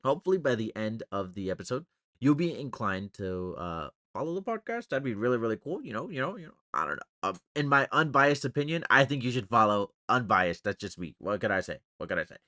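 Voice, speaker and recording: A man's voice: mid-range voice, sing-song, a little fast, pushed and bright, no room sound, studio quality. A man hosting his own podcast, rambling and joking about himself in a casual monologue. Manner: rambling, joking and self-deprecating. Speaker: podcast host.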